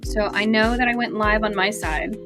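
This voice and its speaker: A woman's voice: medium pitch, steady tone, moderate pace, a bit bright, soft background music. A woman from Arizona co-hosting a marketing livestream, chatty and laughing as she drifts into tangents. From Arizona, USA. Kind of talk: casual live-stream chat.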